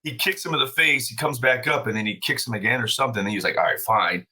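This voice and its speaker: Bright-voiced man telling stories. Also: medium pitch, quick pace, breathy edge, rough recording. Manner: animated, swears freely, many fillers and restarts. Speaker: podcast guest, brewery owner. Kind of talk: casual storytelling.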